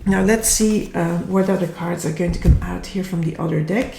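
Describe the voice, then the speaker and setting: A woman giving a casual tarot reading, slightly hoarse and tired, thinking aloud and searching for words. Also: lowish voice, steady tone, normal speed, mellow, slight background noise. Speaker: tarot reader. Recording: echoey room.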